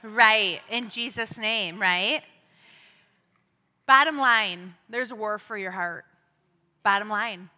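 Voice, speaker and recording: A woman's voice: mid-range voice, slow pace, pauses often, sharp tone, long reverb tail. A woman teaching at a women's ministry meeting, earnest and exhorting, full of rhetorical questions. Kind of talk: church teaching talk.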